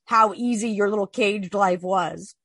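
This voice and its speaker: A woman's voice: mid-range voice, a little slow, a bit bright, no room sound. A woman co-hosting a podcast in casual chat, rambling and profane, full of "like". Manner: rambling, profane, heavy use of "like". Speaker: podcast co-host.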